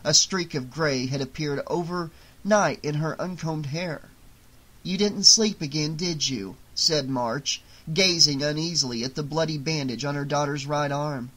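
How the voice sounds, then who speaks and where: An audiobook narrator reading a novel aloud in a steady storytelling manner. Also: mid-range voice, moderate pace.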